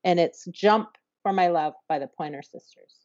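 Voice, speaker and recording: A woman's voice: fairly low pitch, moderate pace, a little mellow, no echo. Rambling woman co-host, lo-fi sound. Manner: rambling, retells scenes at length. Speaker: podcast co-host. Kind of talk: casual chat. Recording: dull lo-fi sound.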